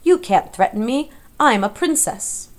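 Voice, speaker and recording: A woman's voice: a little high, expressive, measured pace, pitched above the performer's own voice. A woman voicing a proud, bossy young princess in an audiobook, speaking in a demanding way. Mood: indignant. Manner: indignant, demanding. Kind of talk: audiobook character voice.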